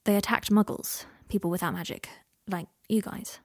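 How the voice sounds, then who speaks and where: A woman voicing a caring, steady young man who talks quietly and gently in a read-aloud story. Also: medium pitch, normal speed, vocal fry, no room sound, clean studio sound.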